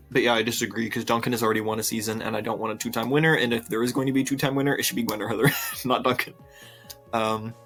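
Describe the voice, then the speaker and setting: A tired young man gives casual commentary, reacting to viewer opinions on a cartoon series with lots of ums and likes and frequent giggles. His voice is mid-range with a fairly bright tone.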